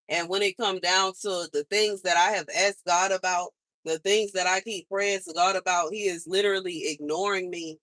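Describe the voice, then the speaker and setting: This young livestream host is venting to her audience, her mid-range voice bright and strained as she circles the same complaints with frustrated emphasis. The recording sits close and dry, free of room echo.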